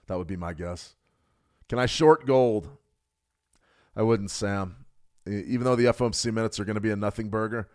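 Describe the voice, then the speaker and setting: A middle-aged man hosting a live trading stream, walking through charts quickly and joking with viewers in the chat. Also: mid-range voice. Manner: fast, animated, jokes with viewers. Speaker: trading show host. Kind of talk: live market analysis with chat replies.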